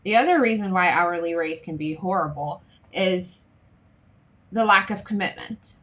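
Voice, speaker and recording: A woman coach talking to her viewers on a live stream, chatty and lively, often checking in with "right?" and "okay?". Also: fairly low pitch, moderate pace. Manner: lively, acts out little scenes in other voices. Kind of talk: solo Facebook Live talk to viewers.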